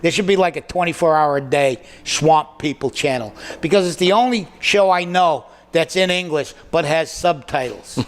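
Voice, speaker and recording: A man, a guest comedian, telling stand-up stories in an animated, excitable way and doing quick voice impressions. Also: fairly high pitch, a little hiss or hum. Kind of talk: stand-up storytelling.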